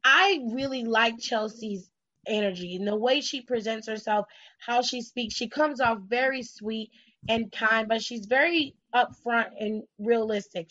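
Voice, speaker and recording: A woman on a podcast giving emphatic opinions about wrestling, building into forceful outbursts. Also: on the high side, lo-fi sound. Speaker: podcast co-host.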